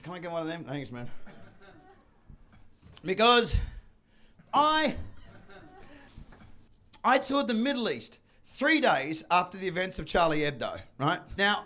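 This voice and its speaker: A man with an Australian accent performing a loud, profane stand-up comedy set. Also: high-pitched, animated, a little slow. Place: comedy venue under a pub.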